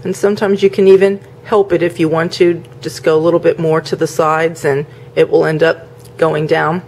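A woman's voice: low-pitched, level tone, moderate pace, darkish tone, a little hiss or hum. A woman from the northern United States hosting a home cooking video, chatting casually as she demonstrates a recipe, with fillers and rambling asides.

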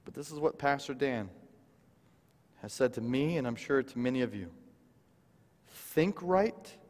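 Preacher in a reverberant church hall. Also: male voice, medium pitch, moderate pace. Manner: dynamic, swings from loud emphasis to hushed quoted lines. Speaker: guest preacher. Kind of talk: sermon storytelling. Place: church sanctuary.

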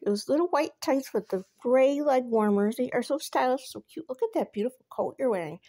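A woman's voice: high-pitched, animated, a little fast, warm tone. A young woman filming her cat and cooing to it in doting baby talk, repeating words and spelling them out.

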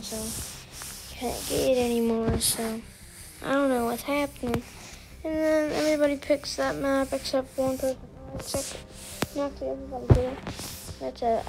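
Female game voice-over, high pitched, rambling and chatty, quick to get annoyed. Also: low-quality recording. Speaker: gameplay commentator. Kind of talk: recorded voice-over of gameplay.

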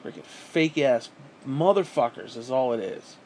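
A man's voice: mid-range voice, expressive, unhurried, darkish tone, slight background noise. A man venting in a bitter, profane, rambling monologue to camera as a vlogger, often restarting his sentences.

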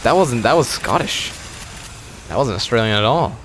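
A man's voice: medium pitch, normal speed, background noise. Young man joking through a let's play. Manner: swearing, joking, excitable outbursts. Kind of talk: casual gaming banter.

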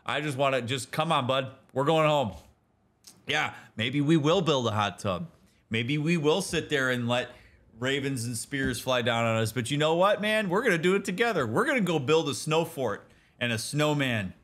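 A man giving casual, animated let's-play commentary as a therapist, talking in slang with restarts and leaping into excited outbursts. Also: mid-range voice, normal speed. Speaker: therapist commenting on a video game.

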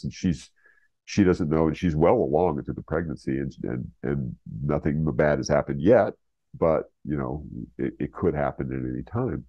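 A man's voice: rumbling low, normal speed, dark tone, husky, no echo. A man retelling a story as an interview guest, rambling with fillers and restarts. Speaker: guest, writer. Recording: slightly dull lo-fi recording.

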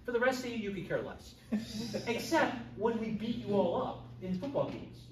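A man's voice: high voice, big pitch swings, normal speed, crowd noise. A middle-aged man teaching a church confirmation class in a chatty way, joking with his students. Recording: echoey room, far from the mic.

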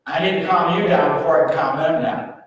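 A man preaching a sermon as pastor, telling the story in a folksy, humorous way and acting out the voices. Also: a little high. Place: church sanctuary. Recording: echoey hall, mic far off.

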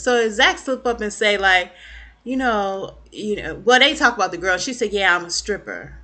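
Bright-voiced chatty woman recapping a show. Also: mid-range voice, unhurried. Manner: animated, acts out characters' lines in quotes; chatty, lots of fillers and asides to viewers. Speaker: TV recap vlogger.

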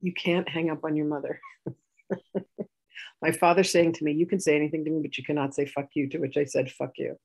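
A woman telling a personal story in a healing session, animated, acting out arguments and laughing. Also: low voice, moderate pace, pauses often, husky, low-quality recording.

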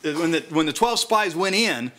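A man with a fairly high, bright voice gives a sermon to a small gathering in a house church, reading scripture slowly and with care. He then walks through its meaning conversationally and at ease, with a faint hiss or hum in the background.

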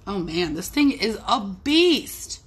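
A woman's voice: medium pitch, sing-song, slow, husky. A young woman chatting casually as she works on art during a live stream, rambling and playful, often talking to herself. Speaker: artist livestreaming. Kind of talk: casual chat while working.

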